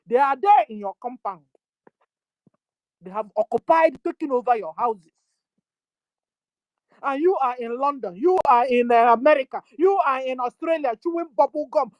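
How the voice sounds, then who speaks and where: High-voiced scolding Nigerian woman. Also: lively intonation, moderate pace, long pauses, dry recording, low-quality recording. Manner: scolding, repetitive, rising to shouts. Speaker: activist speaker. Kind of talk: impassioned political address.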